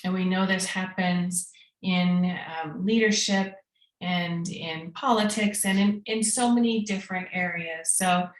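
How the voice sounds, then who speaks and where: A woman's voice: lowish voice, fairly even intonation, unhurried, echoey room, low-quality recording. A woman opening a panel discussion as its director, talking in an earnest, casual way with many restarts over a video call. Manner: earnest, frequent fillers and restarts. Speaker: executive director, panel opener.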